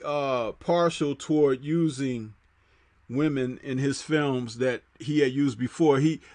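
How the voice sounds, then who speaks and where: A man hosting a casual livestream, talking loosely with many fillers and reading viewer comments aloud. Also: no room sound. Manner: conversational, reads chat comments aloud; frequent fillers, drops low on asides. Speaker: host.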